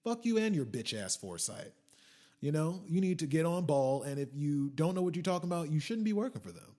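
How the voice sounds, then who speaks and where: Profane ranting man, fairly high voice. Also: very animated, brisk. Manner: profane, ranting, swings from muttering to shouting. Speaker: podcast host. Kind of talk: ranting monologue.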